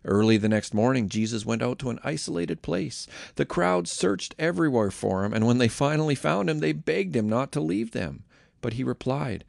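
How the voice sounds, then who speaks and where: A man reading scripture aloud in a measured, expressive way, then giving a casual devotional comment on a close mic. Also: medium pitch, gravelly, no room sound. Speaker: Bible reader and podcast host.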